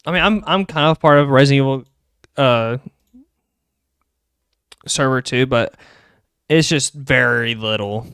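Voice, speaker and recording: A young man streaming live, chatting excitably and rambling about game lore. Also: mid-range voice, clear, resonant tone, no room sound, studio quality. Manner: excitable, rambling, quick bursts of laughter.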